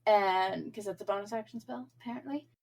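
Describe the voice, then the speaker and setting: A woman's voice: medium pitch, brisk, vocal fry, a little mellow. A woman playing a tabletop role-playing game, thinking aloud about her character's moves with hesitations. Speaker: player. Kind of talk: casual tabletop game play.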